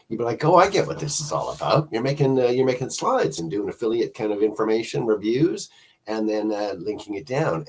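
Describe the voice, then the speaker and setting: Male reviewer, low husky voice, casual walkthrough of a product, offhand with dry skeptical asides. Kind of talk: casual screen-share software review.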